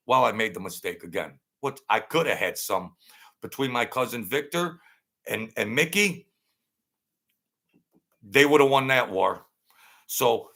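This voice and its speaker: A man's voice: medium pitch, gravelly, bright, forceful tone. An older man, telling a rambling story in street slang and often repeating himself. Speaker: channel host. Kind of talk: casual storytelling.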